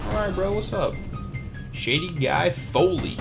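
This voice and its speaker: Hyped gaming guy, slangy and animated, pitch jumping all over, game music loud behind him. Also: unhurried, gravelly. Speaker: let's play host. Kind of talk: game commentary.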